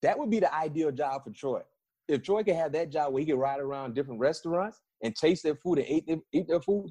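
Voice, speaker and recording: A middle-aged man from South Florida, a former football player, telling lively stories in a casual interview and acting out the quotes. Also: fairly high pitch, a little fast, no room sound. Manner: animated, repeats and restarts, acts out quotes.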